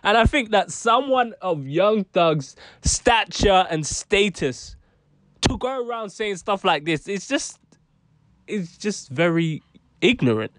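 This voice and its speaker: A man's voice: high-pitched, sing-song, takes it slowly, a bit bright. A young British man giving exasperated, slangy opinion commentary on a vlog. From United Kingdom. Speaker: commentary YouTuber.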